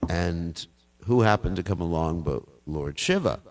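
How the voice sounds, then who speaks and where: A man's voice: low voice, animated, measured pace, recorded from a distance. An older man telling scripture stories in a folksy way, chuckling often as he speaks. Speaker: class speaker. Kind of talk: storytelling scripture class. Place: temple hall.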